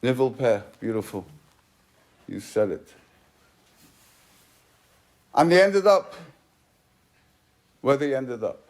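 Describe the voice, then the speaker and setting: A man's voice: medium pitch, sing-song, slow pace, long pauses. A man giving a Torah class as a rabbi, telling a story in an emphatic way and mixing Hebrew and Yiddish terms into his English. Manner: emphatic, swings between loud and soft. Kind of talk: sermon.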